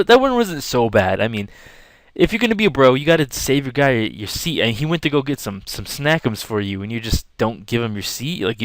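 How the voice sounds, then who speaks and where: A young male vlogger, medium in pitch, draws on camera while rambling through a casual story and animatedly playing out the scenes, yelling included. The recording is dry.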